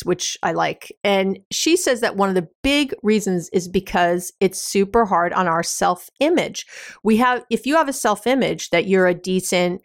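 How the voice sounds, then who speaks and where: In a dry, studio-quality recording, a woman with a medium-pitched voice hosts an advice podcast. She keeps things casual and conversational, drawing on everyday examples and using fillers often.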